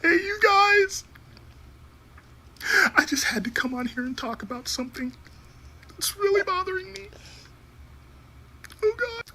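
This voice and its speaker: A man's voice: extremely high pitch, lively intonation, a little slow, pauses often, bright, forceful tone, a little hiss or hum, exaggerated voice. A man playing an overwrought, sobbing parody of a left-wing protester in a mocking video clip, wailing through fake tears. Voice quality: mock crying, wailing.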